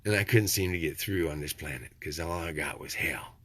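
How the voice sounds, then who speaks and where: Older husky-voiced man, folksy and preachy. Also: a little fast, no echo. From Texas. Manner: preachy, folksy, swings from low and quiet to loud. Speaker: vlogger. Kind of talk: rambling motivational monologue.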